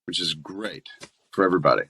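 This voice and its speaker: A man's voice: sits low, fast, bright, forceful tone, slightly rough. A man with a Southern US accent, a voice actor chatting casually as an interview guest and laughing often.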